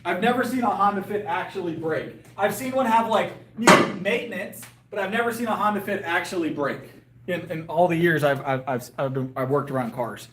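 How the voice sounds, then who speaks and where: Background noise accompanies this high-pitched, slightly fast-talking man, a powerlifter livestreaming from outdoors in a yard. He rambles through a casual chat with viewers, full of hesitation, fillers and restarts, his voice wearing out as he goes.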